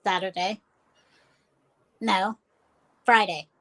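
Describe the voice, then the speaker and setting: A woman's voice: mid-range voice, steady tone, extremely slow, sharp tone. A woman co-hosting a podcast in casual chat, playful and a little defensive. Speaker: podcast co-host.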